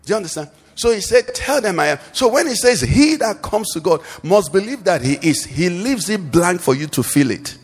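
A man's voice: sits high, sing-song, normal speed, few pauses, slightly rough, soft background music. A man preaching a sermon as pastor at a church service, asking the congregation questions and leaving them to answer. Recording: long hall reverb.

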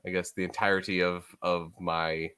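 A man's voice: sits low, little pitch movement, normal speed, pushed and bright, clean tone. A man co-hosting a podcast, chatting casually, swearing freely and laughing as he talks. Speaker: podcast co-host. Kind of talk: casual chat.

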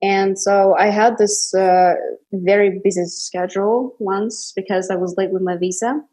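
A woman's voice: medium pitch, fairly even intonation, a little slow, dark tone. A young adult woman from Kazakhstan, an actress being interviewed, telling stories animatedly with many restarts and bursts of laughter. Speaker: actress guest. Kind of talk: casual interview conversation.

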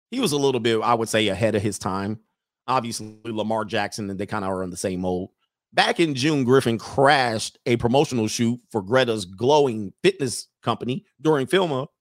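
Male host, casual reaction commentary, jokey and animated, dry close sound. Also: mid-range voice, no room sound. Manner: joking, animated, laughs often.

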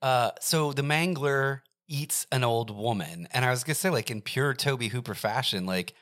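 A woman's voice: a bass voice, normal speed. A woman in her forties chatting casually as a podcast co-host, swearing freely and acting out film scenes in quoted voices. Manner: profane, joking, acts out scenes in quoted voices. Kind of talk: casual chat reviewing a film.

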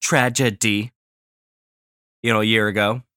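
A blunt man gives his opinions on a podcast with a jokey edge. His voice is mid-pitched and bright. The recording is dry and close. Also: animated, normal speed, dry recording. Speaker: podcast co-host. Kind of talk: casual podcast chat.

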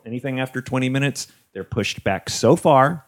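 A man who works in comedy, talking with the hosts of a podcast in a brisk, matter-of-fact way. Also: mid-range voice, animated. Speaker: comedy writer and podcast guest. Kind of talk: casual chat.

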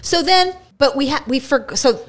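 A woman co-hosts a casual movie podcast, adding wry asides and agreeing readily. Her voice sits a little higher than most women's. The delivery is relaxed and conversational. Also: moderate pace, faint music behind. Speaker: podcast co-host. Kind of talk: casual movie review chat.

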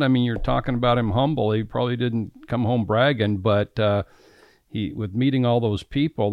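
A man hosting a radio interview, asking questions in a folksy, halting way with many fillers. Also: medium pitch, a little mellow, dry recording. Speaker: radio host.

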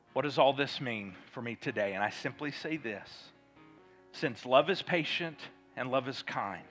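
A man preaching a sermon as pastor, leading his congregation in call-and-response and prayer with emphatic delivery that swells to loud fervor. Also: mid-range voice.

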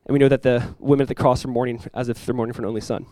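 A man preaching a sermon as pastor, emphatic, rising and swelling when he quotes scripture, with quick conversational asides. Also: medium pitch, flat delivery, mellow, dry recording.

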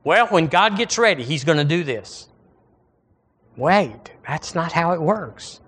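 A male pastor, preaching an animated sermon and calling on the congregation to repeat lines after him. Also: fairly high pitch, measured pace, breathy edge.

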